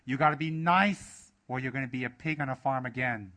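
A man putting on the voice of a hellfire-preaching male televangelist, loud and drawn-out as he threatens damnation. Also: mid-range voice, a little hiss or hum, pitched above the performer's own voice, close to an everyday voice. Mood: threatening.

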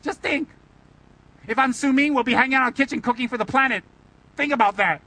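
High, bright-voiced playful Buddhist teacher. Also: male voice, fast, rough recording. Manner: playful, teasing, rhetorical questions. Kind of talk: Dharma talk.

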